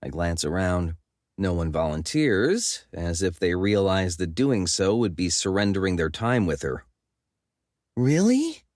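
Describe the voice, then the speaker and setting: A man's voice: sits low, animated, measured pace, no room sound, studio quality. A man narrating a comic fantasy audiobook in first person, wry and self-mocking.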